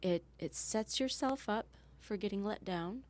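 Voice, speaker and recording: A woman's voice: mid-range voice, measured pace, darkish tone. A woman police officer, a podcast guest, telling her story in a candid, chatty way. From Canada. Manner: candid, chatty, laughs easily. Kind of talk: casual interview storytelling.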